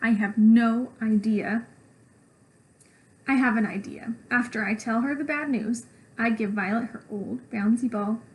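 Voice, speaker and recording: A woman teacher reading a children's chapter book aloud with expressive, animated delivery. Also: a little high, moderate pace, low-quality recording.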